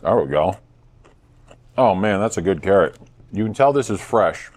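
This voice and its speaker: A man in his thirties hosting a casual food review vlog, playful and self-mocking with deadpan jokes. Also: sits low, normal speed. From United States. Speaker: host.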